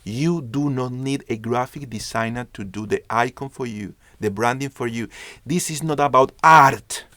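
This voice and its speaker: Recorded in a clean studio with no echo, a man gives an online branding class in a mid-range voice that sounds pushed and bright. He speaks at normal speed with emphasis, repeats his key ideas, and performs small dialogues.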